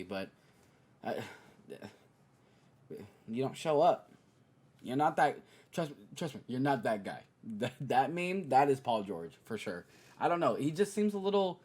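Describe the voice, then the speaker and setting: A young man hosting a podcast, giving casual basketball opinions in an animated way and mocking players in high, exaggerated voices. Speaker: podcast host.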